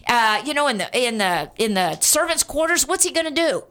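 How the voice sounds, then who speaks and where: A woman's voice: sits high, very animated, normal speed, a bit bright. A woman playing a remorseful young son. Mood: anxious. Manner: tearful, apologetic pleading. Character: remorseful young man pleading with his father.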